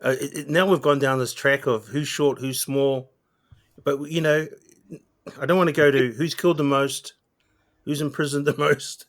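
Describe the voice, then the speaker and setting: A man, a podcast guest who trades blunt jokes and quick quips in casual chat. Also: medium pitch, level tone.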